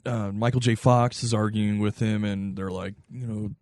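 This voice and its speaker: A man's voice: lowish voice, steady tone, normal speed, a little mellow, dry recording, clean studio sound. A man co-hosting a casual podcast chat, rambling with many restarts and fillers. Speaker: podcast co-host.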